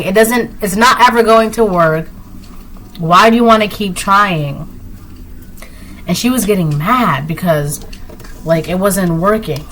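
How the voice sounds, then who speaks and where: A woman's voice: mid-range voice, fairly bright tone, slight background noise. A woman giving a casual spoken tarot reading, rambling with lots of fillers and repeated phrases. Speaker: tarot reader.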